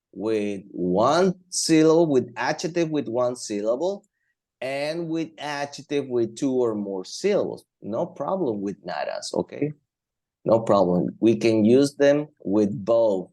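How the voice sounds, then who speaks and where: Slow, mellow-voiced male English teacher. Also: mid-range voice. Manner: slow, repetitive, thinking aloud. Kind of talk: classroom grammar lesson.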